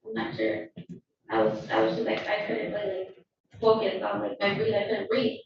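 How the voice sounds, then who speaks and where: A woman giving shaken, halting testimony as a witness in a courtroom. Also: medium pitch, very animated, vocal fry, background noise. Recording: echoey, distant, dull courtroom audio.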